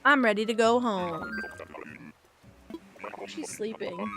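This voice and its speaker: Chatty young woman, high voice. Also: measured pace, over music. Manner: rambling, chatty, repeats silly words. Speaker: gaming vlogger. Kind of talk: casual chat while gaming.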